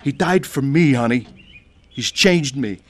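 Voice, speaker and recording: A man's voice: mid-range voice, animated, unhurried. Earnest man narrating his testimony. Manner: earnest, pleading. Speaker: narrator telling his own conversion story.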